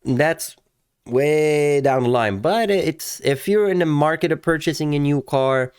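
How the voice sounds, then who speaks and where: A man's voice: a little high, unhurried, darkish tone, smooth, dry recording, clean studio sound. A man giving casual, rambling commentary on car news, with many fillers and restarts and playful pronunciations of model names.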